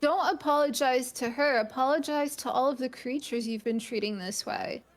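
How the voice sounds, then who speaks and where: Higher-voiced woman player. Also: moderate pace. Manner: careful, polite, with fillers. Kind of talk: tabletop role-play.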